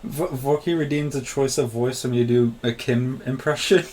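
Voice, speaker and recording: A man's voice: medium pitch, normal speed, a little mellow. A man chatting casually while playing a game on a live stream, giggly, jokey and playful.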